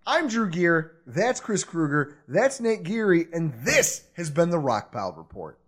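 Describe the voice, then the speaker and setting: A man's voice: on the high side, sing-song, a little slow. A man hosting a sports podcast, swearing freely and laughing often between his lines. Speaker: podcast host. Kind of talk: loose, profane sports podcast chat.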